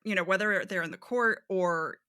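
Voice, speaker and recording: A woman co-hosting a book podcast in casual chat, speaking in a measured, analytical way with agreeing murmurs. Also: medium pitch, sharp tone, smooth. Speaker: podcast co-host. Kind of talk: casual literary discussion.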